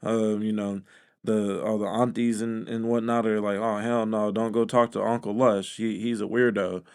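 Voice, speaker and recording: A man giving sarcastic, incredulous reaction commentary on podcast clips, with frequent filler pauses. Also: fairly low pitch, little pitch movement, darkish tone, clean tone.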